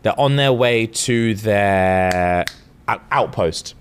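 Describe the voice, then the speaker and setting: A man's voice: fairly low pitch, takes it slowly, slight background noise. A young man, casually retelling a story on a podcast and acting out the characters' lines with slang and swearing. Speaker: podcast co-host.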